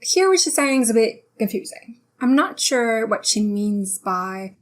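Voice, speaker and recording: Woman teacher with a French accent, commenting on a clip and breaking down pronunciation calmly. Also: on the high side, a little slow. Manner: explains pronunciation point by point, calm. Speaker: French teacher reacting to a video. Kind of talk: explanatory commentary.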